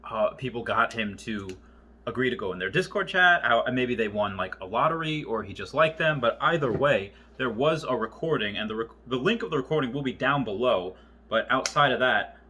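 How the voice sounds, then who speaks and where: Husky-voiced man rambling through notes. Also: medium pitch, animated, brisk, sharp tone. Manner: rambling, reading from handwritten notes. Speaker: gaming and investment YouTuber. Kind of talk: casual vlog commentary.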